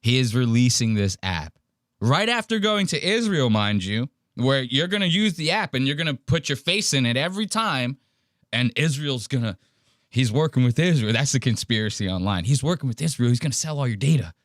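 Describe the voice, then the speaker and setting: A man hosts a podcast and recaps stories with animated, profane energy. His mid-pitched voice is recorded dry and close, with little room sound. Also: fairly quick, dry recording. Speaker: podcast host. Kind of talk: casual chat.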